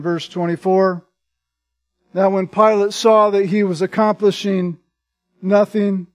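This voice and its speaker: A man with a high, light voice delivers an expository sermon. He reads scripture aloud and then explains it in plain, direct terms. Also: darkish tone. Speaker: pastor.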